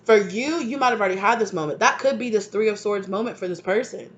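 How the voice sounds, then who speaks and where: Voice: mid-range voice, fast. Rambling tarot reader, muffled lo-fi audio. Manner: rambling, many fillers, acts out imagined quotes. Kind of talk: casual channeled tarot reading.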